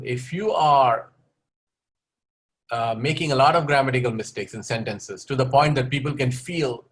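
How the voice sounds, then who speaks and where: In this online webinar, the speaker is a man whose voice sits at medium pitch with a fairly bright tone. Fielding questions from the audience, he offers tips on learning English, often closing each point with "okay?"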